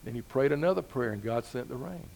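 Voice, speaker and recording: A man's voice: medium pitch, expressive, fast talker, creaky, darkish tone. A man preaching a sermon as pastor, talking to the congregation in an easygoing way with rhetorical questions and rising emphasis.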